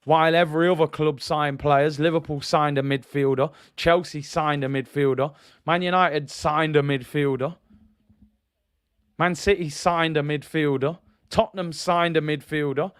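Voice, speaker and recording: Casting: bloke, fan-channel host, fed-up rant, higher-pitched, dry close mic. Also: male voice, fairly even intonation, normal speed, clear, resonant tone, no echo. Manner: frustrated, rhetorical questions, reads out viewer comments.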